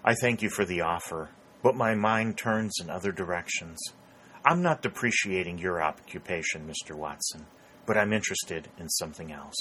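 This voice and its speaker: A man's voice: sits low, normal speed, sharp tone, a little hiss or hum. A man voicing a young male Union lieutenant shaken by battle, crying out in raised, urgent exclamations. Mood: polite.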